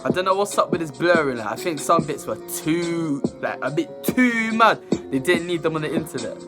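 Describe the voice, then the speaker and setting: A man giving casual, animated reaction commentary as a video host, exclaiming often. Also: on the high side, fast talker. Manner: animated, exclaiming and laughing between remarks. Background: faint music.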